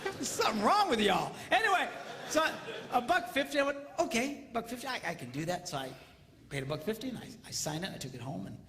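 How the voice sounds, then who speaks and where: A man giving a comedic seminar talk on marriage, animated and mimicking squealing women in falsetto. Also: fast, a faint crowd. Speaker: comedic relationship speaker. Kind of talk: stand-up style seminar talk. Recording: live hall, faint ambience.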